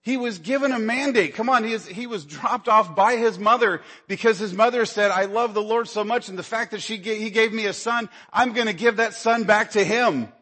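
A man's voice: normal speed, hardly any pauses, bright, forceful tone, slightly rough, long reverb tail. A man preaching a sermon in a conversational way, acting out the dialogue of the story he tells. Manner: conversational preaching, acts out Bible dialogue, rises in pitch when stirred. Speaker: pastor.

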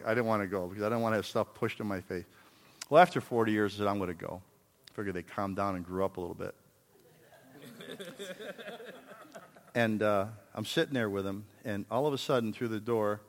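A man in his sixties preaching a sermon in a church, telling a story and then building to loud, emphatic exhortation. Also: fairly low pitch, big-room sound. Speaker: pastor.

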